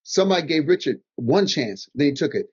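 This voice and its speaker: Older man, animated husky storyteller. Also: fairly high pitch, fairly quick. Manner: animated storyteller, acts out quotes. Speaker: guest comedian. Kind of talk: motivational conversation. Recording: dull lo-fi audio.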